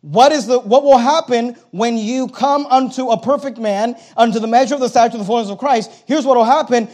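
Middle-aged male pastor, very high voice, emphatic sermon delivery with hushed asides. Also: a little fast, few pauses. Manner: emphatic preaching with sudden drops to a hush.

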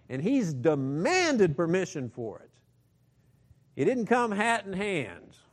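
A man preaching a sermon to his church in a conversational way, with joking asides, who booms out when he quotes scripture. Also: big pitch swings, slow pace. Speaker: pastor.

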